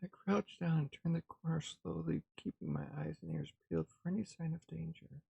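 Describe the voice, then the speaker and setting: A male streamer reading a visual novel aloud in the first person, with tense, halting delivery. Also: a little high, wildly swooping pitch, creaky, dark tone, slightly rough, no echo.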